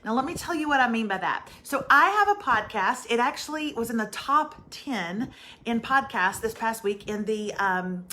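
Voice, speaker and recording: A woman's voice: on the high side, expressive, normal speed, bright, forceful tone. A woman hosting a casual livestream, chatty and teasing, calling out to viewers by name. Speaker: livestream host. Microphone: mic in front of her.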